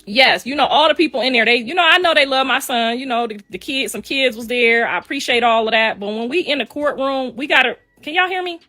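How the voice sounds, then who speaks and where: A middle-aged woman speaks in an emphatic, casual rant and hammers her points by repeating phrases. Her voice is bright and sits a little high. The sound is dry and close. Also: fairly quick, few pauses, no echo, soft background music. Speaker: mother speaking on a livestream.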